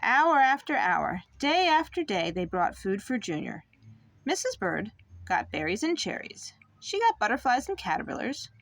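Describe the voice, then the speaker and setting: A young mother reading a picture book aloud to her child, in an expressive, sing-song way. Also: a little high, normal speed, no room sound.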